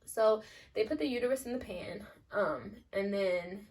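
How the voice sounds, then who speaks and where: A woman's voice: medium pitch, a little slow, darkish tone, far from the mic. A young woman telling a personal story in a rambling, chatty way, leaning on "like" a lot. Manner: chatty, rambling, leans on filler "like". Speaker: new mother vlogger. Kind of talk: casual storytelling.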